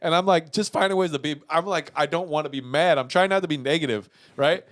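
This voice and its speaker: A man co-hosting a podcast, telling a story in casual chat, profane and animated, swinging between loud outbursts and muttering. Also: a little high, fast talker, no echo. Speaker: podcast co-host.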